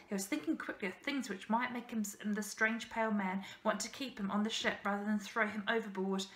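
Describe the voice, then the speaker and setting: A woman teacher reading a children's novel aloud in steady storybook narration, with small slips. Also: medium pitch, brisk, few pauses. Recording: roomy echo.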